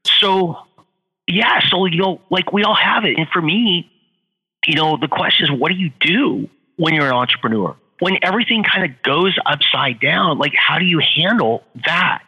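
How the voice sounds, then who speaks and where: Animated man telling a story, bright and husky. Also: fairly high pitch, moderate pace, big-room sound, lo-fi sound. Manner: animated, repeats phrases for effect. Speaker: guest, author and entrepreneur. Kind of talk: storytelling in an interview.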